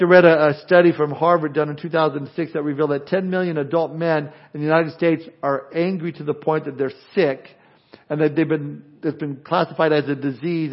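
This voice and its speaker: A pastor preaching a sermon with animated delivery, acting out imagined people's objections. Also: male voice, a little high, a little fast, muffled recording. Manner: animated, acts out imagined speakers.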